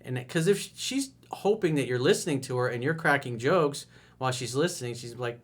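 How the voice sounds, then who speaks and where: Male dating coach, mid-pitched, casual and emphatic, punchy jumps in pitch. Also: expressive, a little fast. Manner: casual and emphatic, with sudden rises in pitch and loudness. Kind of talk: coaching video monologue.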